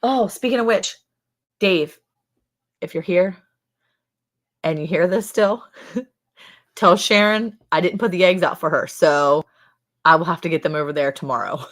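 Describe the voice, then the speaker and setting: A woman's voice: on the low side, measured pace, long pauses, a bit bright. A woman in her thirties hosting a casual ranch livestream, chatty and laughing often as she greets viewers by name. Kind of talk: casual live-stream chat.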